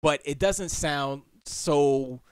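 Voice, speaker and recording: A man hosting a casual live stream from his home studio, talking in a rambling, animated way with many restarts as he answers chat. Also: fairly high pitch, very slow, smooth, no room sound. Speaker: music producer and stream host.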